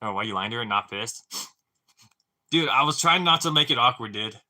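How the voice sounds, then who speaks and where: A man's voice: medium pitch, animated, a little fast, bright, forceful tone. A young man telling a long story on a live stream, rambling and swearing, with stammering restarts and constant "dude" and "bro.".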